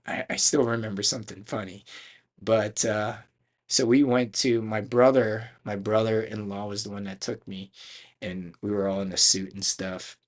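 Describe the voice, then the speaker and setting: A middle-aged man from Philadelphia, a karate school owner, telling his life story as a podcast guest in a chatty, rambling way with many restarts. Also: fairly low pitch. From Philadelphia, United States. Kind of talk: casual storytelling interview.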